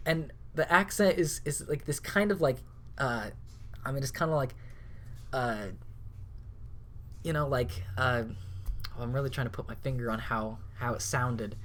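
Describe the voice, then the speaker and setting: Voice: mid-range voice, normal speed, pauses often, slight background noise. A podcast host telling a tabletop game story in a rambling, casual way, full of filler words. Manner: rambling, lots of "like" and laughing asides.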